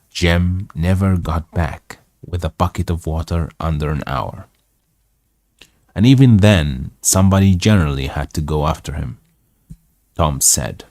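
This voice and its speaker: A man whose first language is Arabic reads a classic novel aloud to practice English. He fixes his own slips and adds comments along the way. His voice is very low and his pace is slow, recorded close and dry. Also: a little mellow, dry recording. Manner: halting reading with self-corrections and asides. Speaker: host.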